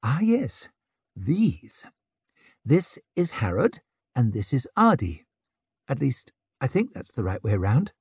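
A man's voice: medium pitch, wildly swooping pitch, slow pace, a little mellow, slightly rough, no room sound, studio quality, full character voice. A man voicing a poised, scheming young noblewoman and mother who coos sweetly and talks politics coolly. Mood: bright cooing. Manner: sweet, cooing, then cutting and political.

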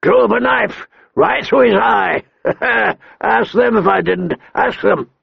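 A man voicing a hoarse, hot-tempered dying king who talks gruffly and halts with pain, in a dull lo-fi dry recording. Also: high voice, no room sound, pitched above the performer's own voice, exaggerated voice. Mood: boastful. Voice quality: hoarse, gravelly. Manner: gruff, blustering, halting with pain.

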